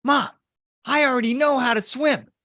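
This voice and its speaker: A man voicing a pleading little boy of about three, in a high, whiny voice. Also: normal speed, bright, forceful tone, dry recording, clean studio sound.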